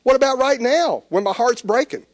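A man preaching a sermon, animated, with stammered restarts. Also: extremely high pitch, moderate pace, dry recording. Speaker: pastor.

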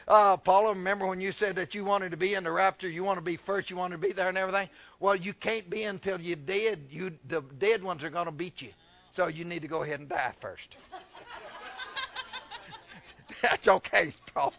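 A man preaching a sermon, shouting out whoops, reading scripture slowly and loudly, and joking with the congregation in a folksy way. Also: a little high, creaky, dry recording.

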